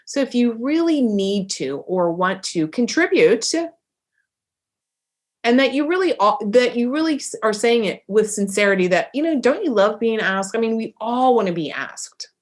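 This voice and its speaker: A middle-aged woman giving a motivational talk as a life coach, emphatic and animated, often acting out little bits of dialogue. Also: fairly high pitch, normal speed.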